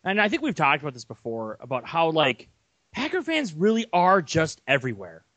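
A young man co-hosting a casual sports podcast, telling long rambling stories with animated energy. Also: on the high side, a little fast, no room sound. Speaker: podcast co-host.

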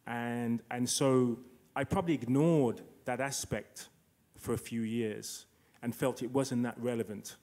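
A man's voice: medium pitch, fairly even intonation, unhurried, a little mellow. A man speaking as a panelist and telling a personal story. He acts out quoted dialogue and restarts his sentences often.

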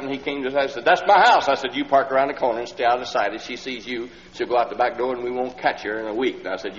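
A man preaching a folksy storytelling sermon and acting out the people in his story, sometimes rising to loud, pleading lines. The old LP recording is dull and lo-fi with a faint hum. His voice trails off into the long reverb of a large hall. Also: mid-range voice.

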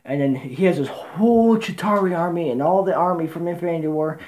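A woman giving a casual, rambling movie recap, excitable and swearing, with many fillers and restarts. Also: fairly low pitch, fairly quick. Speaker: movie reviewer.

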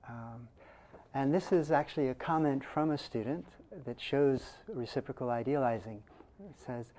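Mellow-voiced man giving an academic talk. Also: medium pitch, moderate pace. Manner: explanatory, often checks in with a questioning "okay?". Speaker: conference presenter. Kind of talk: academic presentation to an audience. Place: presentation room before a live audience.

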